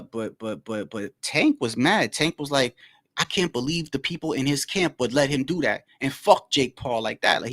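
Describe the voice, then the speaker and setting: A man hosting his own boxing channel, talking in a loose, animated rant that stumbles, repeats itself and swears. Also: mid-range voice. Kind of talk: casual commentary.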